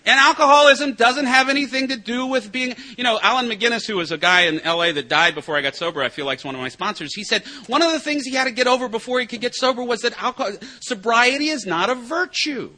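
A middle-aged man, a recovery meeting speaker and sponsor, tells a group about his own drinking in a personal recovery talk. His very high voice is animated, bright and forceful, moving at a quick pace with few pauses. His humor is wry and self-mocking, landing punchlines sponsor-style.

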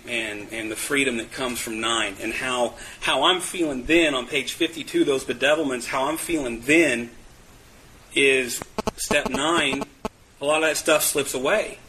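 A man with a bright, forceful voice tells his own recovery story candidly, poking fun at himself, laughing often and tripping over repeated words. His pitch sits in a middle range. A faint hum of room noise is heard behind him. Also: moderate pace, poor audio. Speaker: speaker sharing recovery story. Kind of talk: personal testimony at a meeting.

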